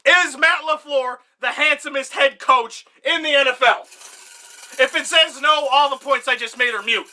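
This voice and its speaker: A young man giving a mock-serious comedic presentation, passionate and out of breath, bursting into shouts. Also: extremely high pitch, normal speed.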